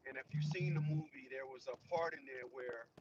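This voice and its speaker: A man's voice: medium pitch, fairly quick, muffled recording, slight background noise. A man in his fifties from New Jersey, telling a story casually in a rambling way, repeating himself and acting out quotes. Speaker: vlogger.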